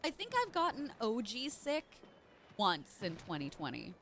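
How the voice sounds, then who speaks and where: A woman's voice: on the high side, wildly swooping pitch, a little slow, a bit bright, a little hiss or hum. A young woman streamer chatting playfully while she plays, sounding congested. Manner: chatty, playful asides to chat. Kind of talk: casual live game stream commentary.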